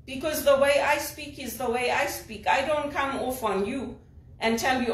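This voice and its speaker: Woman from Zimbabwe, executive assistant, venting emphatically; slightly high voice, picked up from across a room. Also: moderate pace. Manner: indignant, emphatic complaining. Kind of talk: personal vlog monologue. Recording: roomy, distant from the mic.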